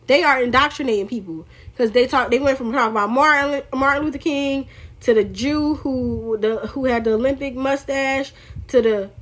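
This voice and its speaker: A young woman giving casual political commentary on a livestream, in a sassy, emphatic, animated way. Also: a little high.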